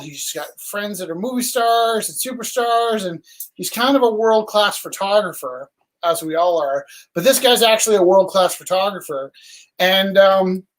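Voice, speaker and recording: A woman's voice: medium pitch, rough recording. Rambling, chatty woman hosting a live art auction, casual live-stream talk, everyday mid-range voice. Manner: chatty, rambling, quick asides. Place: art venue indoors.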